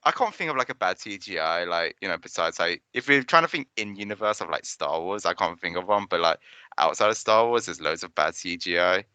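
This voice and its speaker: Blunt, sweary man with a bright voice. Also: deep voice, animated, brisk, clean tone, dry recording. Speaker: podcast co-host. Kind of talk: casual review chat.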